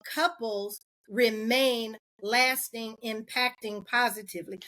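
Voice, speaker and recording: A woman as a podcast guest in candid conversation, animated, laughing often and acting out the voices of people she quotes. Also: fairly high pitch, slow.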